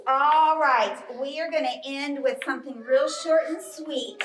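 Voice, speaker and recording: A high-voiced woman talks slowly and gently, guiding children through storytime yoga poses. She sounds distant in an echoey library room, with a faint hiss underneath. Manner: slow, bright, encouraging instructions. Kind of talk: live storytime yoga class for kids. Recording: roomy, distant, faint noise.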